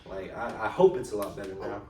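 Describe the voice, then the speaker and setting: A man's voice: fairly low pitch, steady tone, fast, a little mellow. A young man co-hosting a podcast in casual chat, telling long rambling stories full of slang and swearing. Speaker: podcast co-host. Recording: roomy echo, far from mic, faint noise.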